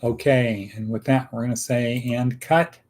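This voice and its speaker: A man hosting a casual motivational talk, slow and rambling, with quick asides. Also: mid-range voice, steady tone, a little mellow. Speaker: host.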